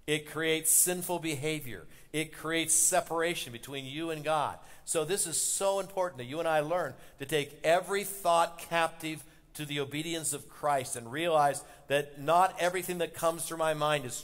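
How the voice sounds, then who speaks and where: A man, a pastor, preaching a sermon and rising in loudness and intensity as he drives his points home. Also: fairly high pitch. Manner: impassioned, rising loud on the father's words. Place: church sanctuary. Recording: long hall reverb from a church sanctuary.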